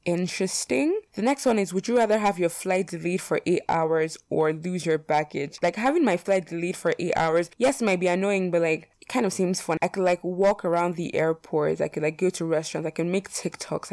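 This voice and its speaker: Young woman vlogging, kinda low voice, blunt and chatty, lots of "like", dry close sound. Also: gravelly, a little mellow, dry recording. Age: young adult. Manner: chatty, filler-heavy, blunt and swears freely. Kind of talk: casual would-you-rather chat.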